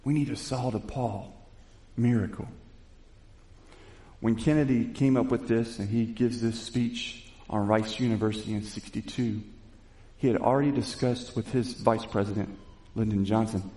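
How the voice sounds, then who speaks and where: A man's voice: mid-range voice, normal speed, long pauses, warm tone. A man preaching a sermon. He reads scripture, retells it in his own casual words, and builds to emphatic questions. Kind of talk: sermon with Bible reading. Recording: echoey room.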